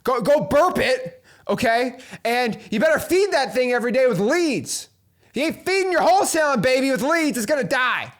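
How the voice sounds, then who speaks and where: A man hosting a motivational business talk, animated and preachy, sprinkling his speech with "like" and "okay?". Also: very high-pitched, moderate pace. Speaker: host.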